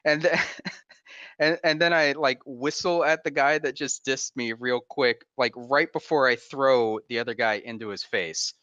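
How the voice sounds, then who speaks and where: A man describes his character's moves with a grin in his voice, laid-back and swearing freely. His voice is bright and forceful. It is recorded on a dull, dry mic. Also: mid-range voice, measured pace, no room sound. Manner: laid-back, joking, profane. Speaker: player. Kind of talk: casual tabletop play.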